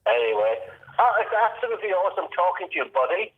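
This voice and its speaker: A man's voice: high-pitched, lively intonation, quick pace. Australian man on a tinny phone line. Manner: friendly, calls everyone mate. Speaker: caller.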